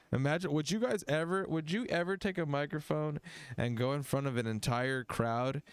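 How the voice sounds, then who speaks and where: A man hosting a livestream music review, talking casually, joking and swearing as he thinks out loud. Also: a little high, lively intonation, moderate pace, clear, resonant tone, dry recording. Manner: profane, jokey, thinks aloud.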